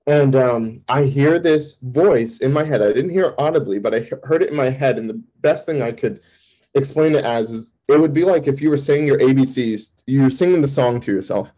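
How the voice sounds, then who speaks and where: A man, a campus minister, giving a candid personal testimony in an interview, telling it vividly with sudden jumps in pitch. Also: fairly quick, dark tone, poor audio.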